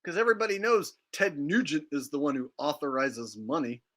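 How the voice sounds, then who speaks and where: A man's voice: on the high side, big pitch swings, fairly quick, fairly bright tone. A young man hosting a casual commentary vlog, talking sarcastically and rambling, filling his sentences with "like". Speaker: vlogger and channel host.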